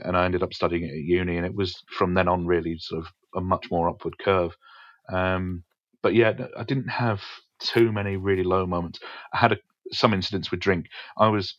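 An English man, a stand-up comedian, frankly recounting his teenage years in a podcast interview, swearing casually and pausing with fillers. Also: low-pitched, steady tone, no room sound. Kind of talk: candid interview storytelling. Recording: dull, dry podcast audio.

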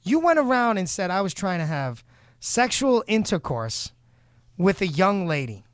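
A man's voice: high voice, sing-song, normal speed, smooth, no room sound, studio quality. A man hosting a casual talk show, ranting bluntly and heatedly, swearing as he vents. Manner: blunt, heated, swearing, quotes others in put-on voices. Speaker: show host. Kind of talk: casual podcast rant.

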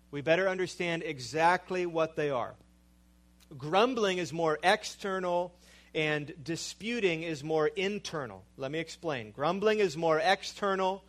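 A male preacher delivering a sermon in a slow, emphatic way, with dramatic drops in volume. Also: on the high side, a bit bright.

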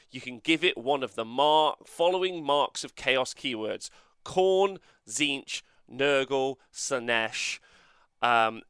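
A man's voice: medium pitch, creaky, pushed and bright, no echo, studio quality. A man hosting a casual livestream review, rambling and joking and swearing as he goes. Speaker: host.

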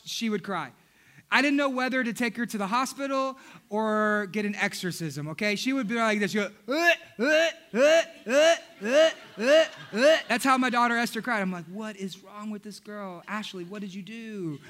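The pastor's voice is very high-pitched, pushed and bright as he delivers his sermon in church. Funny stories fill his preaching, and he talks directly to the people in the pews.

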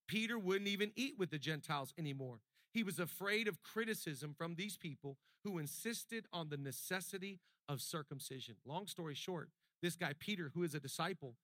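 Male pastor, high bright tenor, dry close sound, chatty sermon that swells into emphatic repetition. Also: no room sound. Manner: conversational preaching that builds to emphatic repetition.

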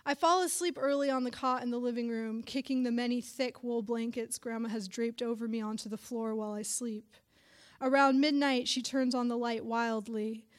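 A young woman reads her own literary fiction aloud, in a fairly high voice. Her narration is dry and wry, with an even, measured delivery. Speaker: writer reading her story. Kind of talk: literary reading.

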